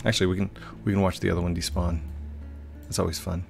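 Host, male, lowish voice, chatty gameplay commentator, quick to laugh. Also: flat delivery, gravelly, faint music behind. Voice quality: chatty, laughs often, self-deprecating asides. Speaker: game channel host.

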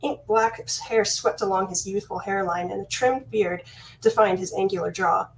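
A woman reading her own fantasy novel aloud in the first person, with steady, measured storytelling. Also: medium pitch, creaky, slight background noise. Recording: voice slightly distant from mic.

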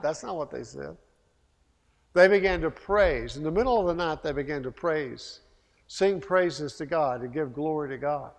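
A man preaching a sermon as pastor, emphatic, with repeated rhetorical questions and loud peaks. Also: on the high side, normal speed, gravelly. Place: church sanctuary. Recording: long hall reverb.

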